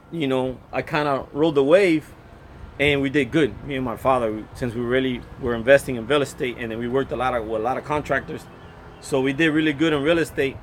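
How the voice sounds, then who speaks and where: A man's voice: mid-range voice, slight background noise. A middle-aged man hosting a casual live stream from his phone, rambling and reading out viewer comments. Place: Florida.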